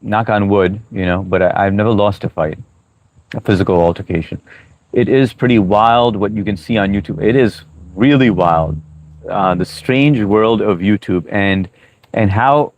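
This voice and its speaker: Male streamer, lowish voice, chatty rambling delivery, dry close mic. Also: no room sound, lo-fi sound. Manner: rambling, chatty, many fillers and restarts. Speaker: livestream host reading chat. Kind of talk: casual live-stream chat.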